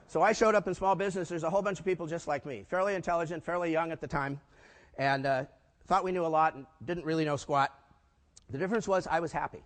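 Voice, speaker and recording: An older man speaks to a live audience at a conference, his slightly higher voice carrying through a large hall with a long reverb. He tells stories in a lively way, pausing to quiz the crowd with rhetorical questions. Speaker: keynote speaker. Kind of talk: storytelling conference talk.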